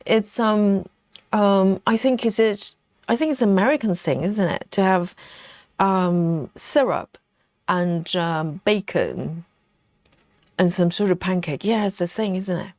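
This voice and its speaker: A woman's voice: mid-range voice, a little slow, a little mellow, dry recording, studio quality. A woman hosting a casual live stream, chatting and giggling as she reads viewer comments aloud. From United Kingdom.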